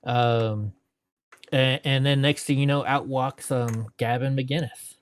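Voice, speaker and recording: A man's voice: mid-range voice, fairly even intonation, slow, clear, resonant tone. A man as an interview guest, telling stories from his life in a rambling, casual way, filling his talk with "you know".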